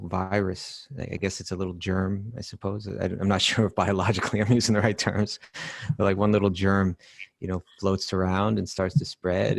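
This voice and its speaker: A man's voice: low voice, vocal fry, dry recording. A man co-hosting a podcast, talking in a hesitant, reflective way with many fillers. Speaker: podcast co-host. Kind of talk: casual chat.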